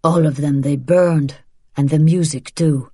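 A woman voicing a weary, bitter middle-aged father who speaks in flat, guarded tones. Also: deep voice, a little slow, breathy edge, no room sound, studio quality.

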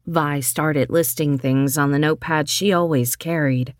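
A woman narrating an audiobook in a measured, steady reading. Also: low-pitched, dry recording, studio quality.

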